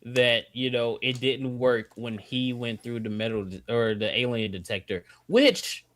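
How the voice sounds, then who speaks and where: A man co-hosting a podcast, ranting in casual chat with plenty of swearing that builds to near-shouting. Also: medium pitch, unhurried. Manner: animated, profane ranting that climbs to near-shouting. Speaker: podcast co-host.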